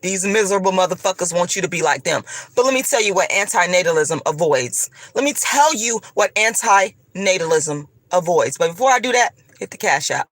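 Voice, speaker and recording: A woman's voice: fairly low pitch, lively intonation, brisk, hardly any pauses, dry recording. A woman vlogger delivering a profane, combative, preachy rant straight to her viewers. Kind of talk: ranting monologue to camera.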